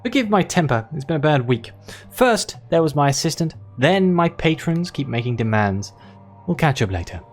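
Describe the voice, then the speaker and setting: A fussy, bald, impatient male stage magician with a posh English accent, as a man puts him on. He talks in huffy, demanding bursts, his voice rising and falling in a lively way. Faint music hums behind him. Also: fairly high pitch, moderate pace. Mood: apologetic.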